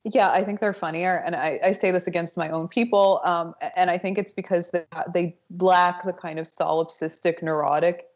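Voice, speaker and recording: A woman guest talks over a video call in a drawling, ironic, provocative way. Her voice is low, and the call audio is dull and muffled. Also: steady tone, normal speed, few pauses, a little mellow. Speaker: podcast guest.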